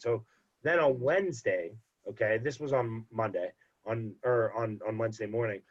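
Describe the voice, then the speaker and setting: A man's voice: lowish voice, normal speed. A young man, a podcast guest, telling a story casually and acting out the dialogue, on dull lo-fi audio. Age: young adult. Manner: animated, quotes others in dialogue.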